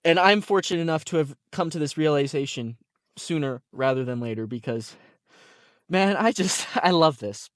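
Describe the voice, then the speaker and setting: Earnest young man, slightly higher voice. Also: normal speed, dry recording, studio quality. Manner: earnest, heartfelt, repetitive, talkative. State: teary-eyed. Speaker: content creator and electrician. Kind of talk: personal vlog to camera. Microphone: camera mic, talking to camera.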